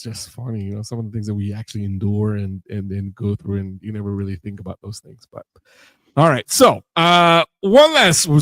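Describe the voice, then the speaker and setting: A man's voice: medium pitch, dry recording. A man hosting a podcast, telling a long story with many fillers and acting out what others said. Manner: rambling, many fillers, laughs and acts out quotes. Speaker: podcast host. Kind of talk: casual storytelling interview.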